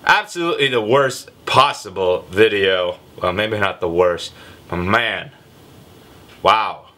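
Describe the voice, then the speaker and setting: A man hosting a comedic news vlog, sarcastic and irreverent, with a deliberately lazy, low delivery. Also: pushed and bright. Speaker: vlog host.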